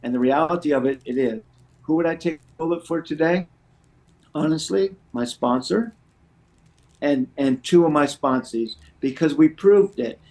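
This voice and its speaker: A man's voice: fairly high pitch, normal speed, darkish tone, low-quality recording. A middle-aged man speaking as an interview guest about recovery, earnest and passionate, often restarting his sentences and saying "you know". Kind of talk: casual interview talk.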